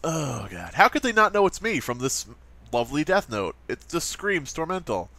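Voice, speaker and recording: With a fairly high, sing-song voice and a sharp tone, a man delivers jokey, sarcastic let's play commentary at a normal speed. He plays along as a gaming commentator, addressing his viewers directly.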